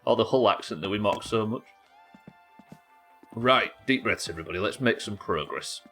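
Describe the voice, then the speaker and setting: Lowish, sweary British streamer. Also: male voice, normal speed, fairly bright tone, soft background music. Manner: chatty, sweary, talks to chat while working. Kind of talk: live gameplay commentary.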